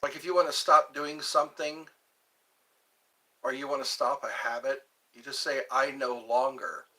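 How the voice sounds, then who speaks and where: A man's voice: medium pitch, steady tone, normal speed, bright, forceful tone, rough recording. A man from Georgia hosting his own live stream, chatting in a rambling way, jumping between topics and trying out foreign phrases. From Georgia, USA. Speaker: livestream host.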